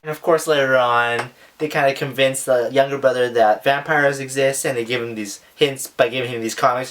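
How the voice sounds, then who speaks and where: A man's voice: fairly quick, few pauses. A teenage boy casually reviewing a movie in a vlog, rambling and hedging a lot as he jokes around. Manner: rambling, jokey, hedging with "kind of" and "I guess"; acts out characters in excited high squeals.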